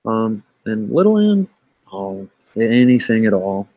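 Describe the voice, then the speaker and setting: A man's voice: fairly low pitch, very animated, slow, mellow, no echo, dull audio. Chatty man explaining an exam solution. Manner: conversational, thinks aloud with many "um" and "right?". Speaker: math instructor. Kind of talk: recorded lecture going over an exam.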